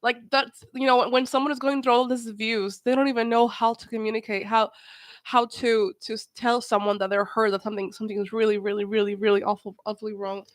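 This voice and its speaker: A woman's voice: a little high, level tone, fast, no echo. A woman giving casual reaction commentary, emphatic and indignant as she talks over a show she is watching.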